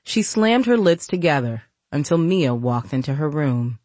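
A woman narrating a novel as an audiobook, reading in a measured, even way. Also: low-pitched, no room sound. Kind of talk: scripted narration.

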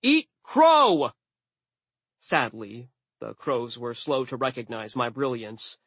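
Wry, unhurried male audiobook narrator. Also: medium pitch, husky, no echo. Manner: wry, deadpan asides.

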